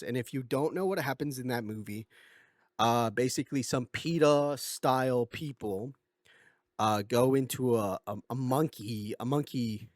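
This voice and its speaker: A man's voice: mid-range voice, dry recording, clean studio sound. A young man hosting a casual video essay, rambling with lots of fillers, joking and correcting himself. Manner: jokey, swears. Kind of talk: casual commentary.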